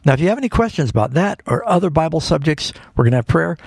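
A man with a gravelly, husky voice answers callers' Bible questions on a radio call-in show, earnest and explanatory. His sound is dry and close, straight off a studio mic. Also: on the high side, very animated, fast, a little mellow, dry recording. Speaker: radio Bible program host and pastor. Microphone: studio microphone.

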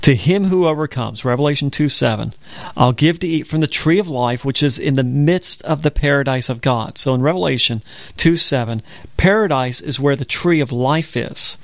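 A man's voice: mid-range voice, normal speed, gravelly, no room sound. A man co-hosting a radio Bible program, explaining verses in an earnest, storytelling way.

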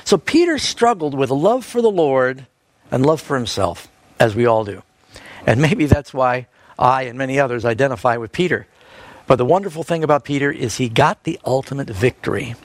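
A man preaching a sermon, telling a Bible story in a lively way with quick asides and scripture quotes. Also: mid-range voice, dry recording.

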